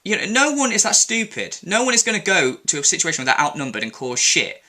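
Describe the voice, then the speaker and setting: A young man vents in an angry opinion vlog, swearing freely and dripping with sarcasm. His voice is very bright and sharp, sitting fairly high, and it leaps around with lively intonation. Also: fast talker. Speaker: commentary vlogger.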